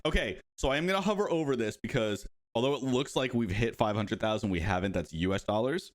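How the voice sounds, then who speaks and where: Lively, playful male stream host. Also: medium pitch, quick pace. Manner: playful, greets chat by name, rambling asides. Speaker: livestream host for a game studio. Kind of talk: casual livestream chat.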